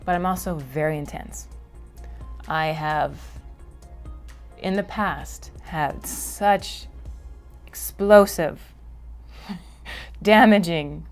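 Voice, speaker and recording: Animated Canadian woman, lower voice. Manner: animated, laughs often, acts out her own reactions. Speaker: guest emotions teacher. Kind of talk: interview, casual explaining.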